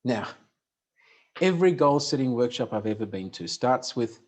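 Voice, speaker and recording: A man gives a motivational talk on stage. His husky voice swings up and down as he tells stories, punchy with dry humor. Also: mid-range voice, expressive, moderate pace, a little mellow. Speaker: speaker.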